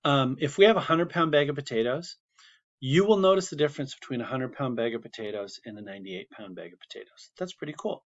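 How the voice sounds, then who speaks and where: A man's voice: mid-range voice, quick pace. Chatty male teacher, muffled recording. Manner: casual, chatty, with asides and fillers. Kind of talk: classroom video lecture.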